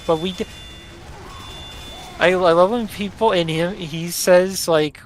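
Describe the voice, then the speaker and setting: Young male streamer, fairly high voice, blunt opinionated chatter, faint hiss under the mic. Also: unhurried, long pauses. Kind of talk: casual chat on a game stream.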